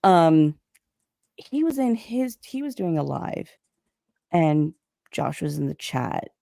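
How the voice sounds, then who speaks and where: A woman's voice: low voice, slow, gravelly, no echo, studio quality. A woman co-hosting a livestream in casual chat, swearing freely and acting out what others said. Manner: animated, swears freely, acts out others in quotes. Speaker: livestream co-host.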